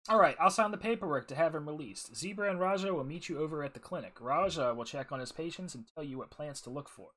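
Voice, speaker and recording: A man's voice: on the high side, fast talker, few pauses, fairly bright tone, voice pushed up. A man voicing a stern, by-the-book male jungle ranger officer, reading game dialogue aloud in a formal briefing tone. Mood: matter-of-fact.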